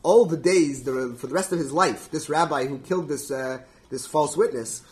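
A man teaching a Talmud class to a small group. His voice sits a bit high and he keeps it animated, laughing often. He stops to translate Hebrew and Aramaic lines as he goes. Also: normal speed, noisy background.

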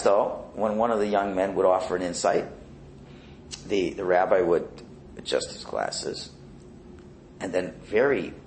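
Animated man giving a Torah class. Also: fairly low pitch. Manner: animated, conversational, drops to near-whispers. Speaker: rabbi teaching a class. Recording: echoey room with faint background noise.

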